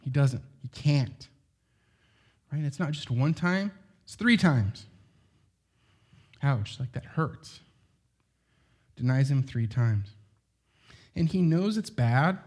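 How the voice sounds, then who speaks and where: A middle-aged man preaching a sermon, talking to his congregation like he's chatting with friends. He leans on filler words and rhetorical questions, keeping it loose and informal in a voice that sits at an ordinary male pitch. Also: animated, slow pace, pauses often, darkish tone, breathy edge. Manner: conversational, heavy use of "like" and rhetorical questions.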